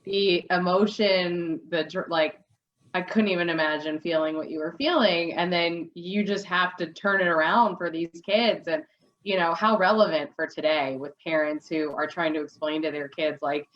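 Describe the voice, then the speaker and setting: A woman's voice: on the low side, normal speed, lo-fi sound, a little hiss or hum. A woman hosting an interview, reacting with empathetic comments. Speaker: host. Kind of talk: conversational interview.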